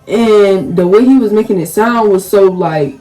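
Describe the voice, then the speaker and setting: A young woman tells a story to her followers in a casual, rambling way, restarting her sentences and leaning on "like" as she goes. Her voice is warm and mellow rather than bright. Faint music plays under her talk. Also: mid-range voice, moderate pace, low-quality recording. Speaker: storytime vlogger.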